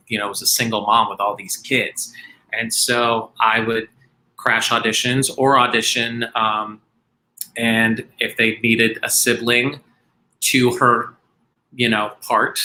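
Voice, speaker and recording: A man's voice: mid-range voice, pushed and bright, low-quality recording. A man talking casually on a video call, rambling and self-deprecating with lots of fillers and restarts. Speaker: guest performer.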